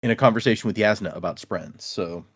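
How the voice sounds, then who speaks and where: A man's voice: on the low side, fast, slightly rough. A man co-hosting a podcast in a casual book chat, acting out the characters' lines. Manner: animated, acts out characters' lines. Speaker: podcast co-host.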